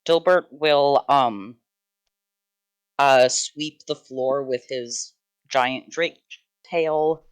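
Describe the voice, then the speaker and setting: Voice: medium pitch, drawn-out words, clear, resonant tone. A player in a tabletop game describes what their characters do. They quip in a dry, literal-minded way.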